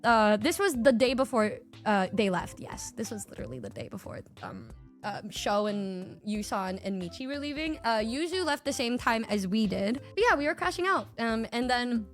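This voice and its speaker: A young woman streamer telling a story in a casual, excitable way, laughing often and swearing a lot. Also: fairly high pitch, moderate pace, soft background music.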